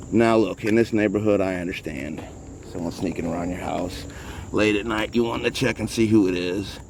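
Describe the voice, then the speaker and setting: A man's voice: fairly low pitch, darkish tone, slight background noise. A man chatting casually and rambling as he films street cats outdoors on a handheld phone, a bit out of breath. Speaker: vlogger caring for street cats. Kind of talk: casual vlog narration.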